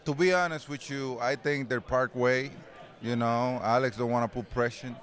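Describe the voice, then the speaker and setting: A man in his forties speaks English with a Spanish accent, chatting loosely as an interview guest outdoors at an event. He rambles, restarts his sentences and laughs easily, at an ordinary pitch. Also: fairly even intonation, normal speed, a bit bright. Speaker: interview guest, retired baseball player. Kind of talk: casual interview.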